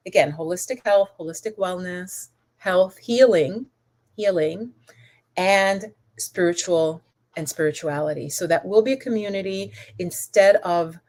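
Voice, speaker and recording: A woman's voice: lowish voice, moderate pace, darkish tone. A woman hosting a holistic wellness channel, chatting casually on a live stream, answering comments and calling viewers goddess and my love. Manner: rambling, with many restarts and asides.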